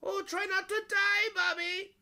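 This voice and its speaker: A man doing a high, playful, yelling voice of a male toon in the style of a cuddly bear. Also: flat delivery, unhurried, creaky, exaggerated voice.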